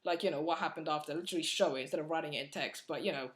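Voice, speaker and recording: A man's voice: fairly high pitch, racing, fairly bright tone. A man giving a casual, blunt film review, chatty and full of fillers and restarts. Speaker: movie reviewer.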